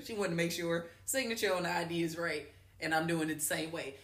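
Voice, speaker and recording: A woman's voice: lowish voice, steady tone, a little fast, a bit bright, echoey room. A woman co-hosting a podcast, telling a story in a casual, slangy way and laughing often. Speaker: podcast co-host.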